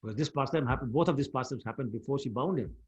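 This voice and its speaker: Husky male teacher, lively storytelling, mid-range voice, fields student questions. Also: medium pitch, rapid-fire. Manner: animated storytelling, mixing in Hindi words. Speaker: scripture class teacher. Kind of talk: storytelling scripture lesson.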